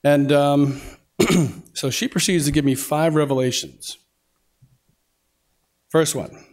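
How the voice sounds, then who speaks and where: In a lecture hall, a guest speaker gives a folksy talk, recounting a family story packed with quoted dialogue and casual fillers. His voice is fairly high, slow and a little mellow.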